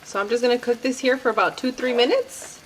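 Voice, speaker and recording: A woman hosts a casual cooking demonstration in her home kitchen with food frying, chatty and giggly as she walks viewers through each step. Her voice is a little high and fast, with a slight hiss or hum in the recording.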